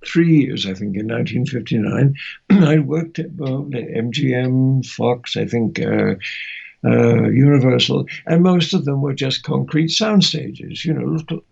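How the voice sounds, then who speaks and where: An older man with a gravelly, husky voice reminisces slowly and gently in an interview. The audio is dull and lo-fi, like a remote recording. He lets small laughs slip into his stories. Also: mid-range voice. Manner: gentle, unhurried storytelling with soft laughs. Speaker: guest, veteran actor.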